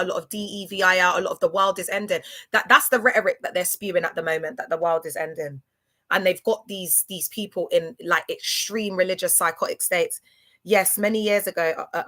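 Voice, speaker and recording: A woman hosting a casual live stream, talking fast and slangy and often checking whether listeners follow her. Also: mid-range voice. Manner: animated, slangy, asks "do you get what I'm saying". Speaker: livestream host.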